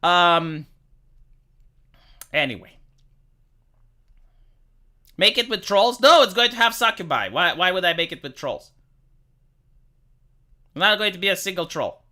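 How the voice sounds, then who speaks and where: A man rants to his live-stream chat in a bright, edgy voice. His pitch swings widely as he talks. He swears often and trips over repeated words when he gets heated. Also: expressive, measured pace, long pauses. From Romania. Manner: profane, stammering, repeats words when worked up. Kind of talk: casual ranting chat to live viewers.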